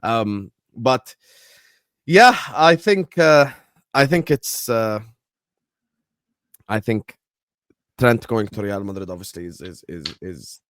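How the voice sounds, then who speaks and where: A man on a football fan panel, talking in a casual, animated debate style with lots of fillers and repeats. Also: on the low side, slow, long pauses, no echo, clean studio sound.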